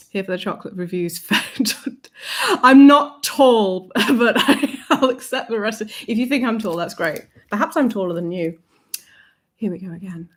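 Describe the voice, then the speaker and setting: A woman's voice: mid-range voice, expressive, a little slow. Chatty young woman on a livestream. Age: young adult. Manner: chatty and playful, laughing, reading out viewer comments; drops to a soft whisper at times. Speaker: livestream host. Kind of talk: casual livestream chat. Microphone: desk mic.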